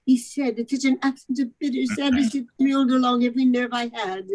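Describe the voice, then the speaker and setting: Woman reading a classic novel out loud, kinda high voice, trips on a word now and then. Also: a little fast, rough recording. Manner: expressive with occasional stumbles. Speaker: narrator in a charity readathon.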